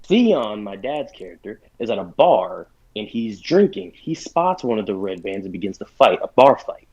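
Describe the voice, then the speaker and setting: A man co-hosting a casual podcast, an excitable, rambling storyteller full of fillers who runs tabletop games. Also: fairly low pitch, normal speed, slightly rough. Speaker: podcast co-host and game master. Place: bedroom or basement at home. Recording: lo-fi home recording.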